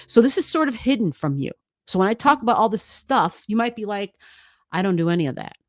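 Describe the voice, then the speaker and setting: A woman's voice: on the low side, darkish tone, no room sound, studio quality. A woman astrologer giving a chatty, emphatic forecast, often adding "right?" as she goes.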